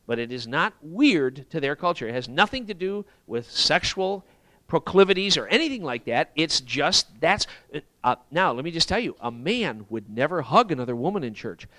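Lively, bright-voiced male preacher. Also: fairly high pitch, normal speed, no echo. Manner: animated, acts out quoted exclamations. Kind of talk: sermon storytelling. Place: church.

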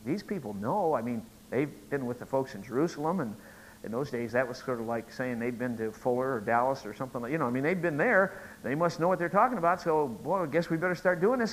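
A middle-aged man preaching a sermon, telling a joke story and rising to loud, emphatic peaks. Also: on the high side, a little hiss or hum, low-quality recording. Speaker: pastor.

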